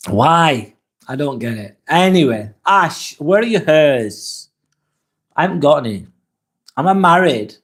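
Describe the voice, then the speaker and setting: A man's voice: a little high, lively intonation, unhurried. Candid English man live-streaming. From England. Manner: candid, swears casually, chuckles while reading chat. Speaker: livestream vlogger. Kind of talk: casual live-stream chat reading comments.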